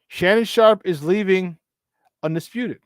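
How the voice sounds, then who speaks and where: Speaking at a measured pace, a slightly high-voiced man rambles through a casual sports talk monologue, emphatically repeating himself and dropping preachy asides. The sound is dry and close, without any room sound.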